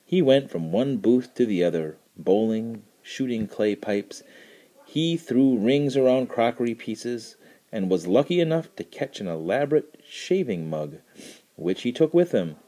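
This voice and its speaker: A man narrating a children's story with expressive, storytelling delivery. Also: mid-range voice, unhurried. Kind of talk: storybook reading.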